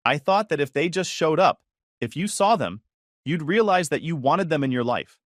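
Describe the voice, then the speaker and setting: A man's voice: a little high, expressive, moderate pace, no room sound, studio quality, voice pushed up, natural voice. A man voicing a tearful, pleading young woman. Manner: pleading, sobbing. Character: tearful young woman begging her fiancé.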